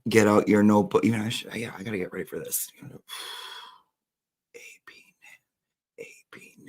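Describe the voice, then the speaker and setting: A man hosting a comic monologue in a campy, punning way, talking to his audience like a teacher giving a class. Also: lowish voice. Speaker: comedy host.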